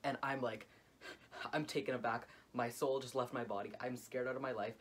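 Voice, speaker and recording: A young man vlogging a dramatic storytime, expressive and full of "like" fillers. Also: mid-range voice, normal speed, slight background noise. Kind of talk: storytime vlog.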